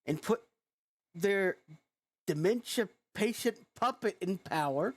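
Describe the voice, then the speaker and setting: Young-sounding female vlogger, frustrated and foul-mouthed, unhurried rant delivery. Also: medium pitch, lively intonation. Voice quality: youthful-sounding voice. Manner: frustrated, profane, blunt. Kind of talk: angry reaction rant.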